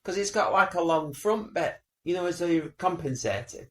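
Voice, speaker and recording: A man's voice: sits high, expressive, normal speed. Rambling man, echoey room. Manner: grumbling, rambling, mimics voices. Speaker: podcast co-host. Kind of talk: casual banter.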